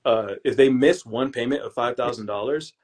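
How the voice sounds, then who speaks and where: A young man who is a podcast guest and real estate investor, chatting casually and telling lively stories in relaxed, slangy speech. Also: mid-range voice, normal speed. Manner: relaxed and slangy, calls the hosts "bro"; lively storyteller who acts out his own past lines. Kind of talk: casual interview chat.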